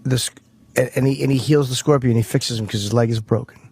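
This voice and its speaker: A man bantering on a radio show, full of crude jokes and quick character voices. His voice sits in a middle register. The studio sound is very dry, with no room echo. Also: mid-range voice, fairly even intonation, darkish tone, slightly rough. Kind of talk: casual comedic radio banter.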